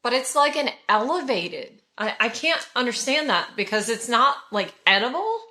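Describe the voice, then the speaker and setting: A haul vlogger in her forties from California gushes to viewers while reviewing scented products in a casual chat. Her fairly high voice has a sharp tone and swings widely in pitch at normal speed, and she's effusive throughout.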